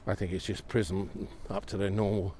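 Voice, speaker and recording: Chatty low-voiced man on a snowy night walk. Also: level tone, normal speed, slight background noise. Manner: exclamatory, gently enthusiastic, often asks viewers questions. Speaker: live-stream vlogger. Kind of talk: chatty live walk narration to viewers. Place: outdoors on a snowy, windy city street at night. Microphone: iPhone on a gimbal.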